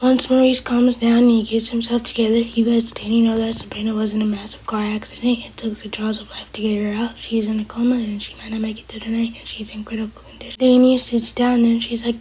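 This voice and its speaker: A woman's voice: a little high, level tone, fast talker, few pauses, warm tone, slight background noise, low-quality recording. A woman, casually recapping a TV episode and giving blunt opinions. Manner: opinionated, quotes characters in her own voice. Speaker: TV recap host.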